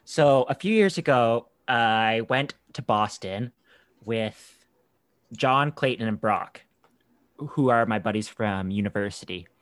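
A young man from Canada chatting casually as a podcast co-host, easygoing and prone to rambling off track. His voice sits at a middling pitch and sounds close and dry, with no room behind it. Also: fairly bright tone, no echo. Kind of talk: casual chat.

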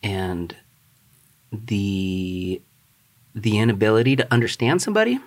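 A host chatting casually, asking curious, relaxed questions. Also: mid-range voice, measured pace. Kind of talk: casual conversation.

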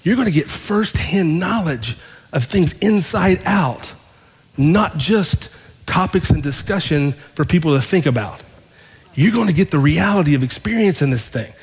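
High-voiced male pastor preaching in a hall. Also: expressive, normal speed. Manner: conversational preaching, acting out dialogue, asking the congregation questions. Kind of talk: sermon.

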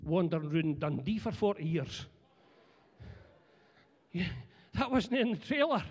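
A middle-aged man with a Scottish accent preaching a humorous sermon, animated and joking as he talks to the congregation. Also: high-pitched, a little slow. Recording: long church hall reverb.

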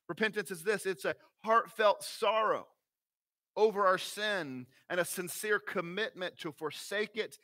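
A high-voiced man preaching, bright and forceful in tone. He is a pastor in his thirties, folksy and animated, his pitch swinging widely as he moves from quiet, serious points to excited ones. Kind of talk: sermon.

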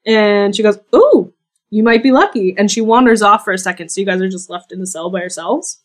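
A woman narrating as game master of a tabletop game, relaxed and often laughing. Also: mid-range voice, fast talker. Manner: relaxed, giggly storytelling.

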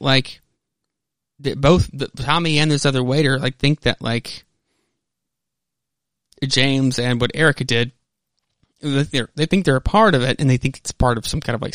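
A man's voice: mid-range voice, normal speed, fairly bright tone, no room sound. A man in the middle of his range hosts a podcast, walking listeners through a comic book plot in a loose, conversational way full of fillers and self-corrections. His voice is recorded close and dry, with no room sound around it. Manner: loose retelling with many fillers and restarts. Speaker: podcast host. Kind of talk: casual comic book recap.

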